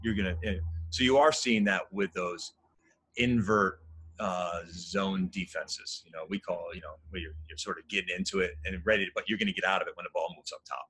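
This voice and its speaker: A male lacrosse coach in casual conversation, telling animated, rambling stories full of fillers. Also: sits low, brisk, slightly rough.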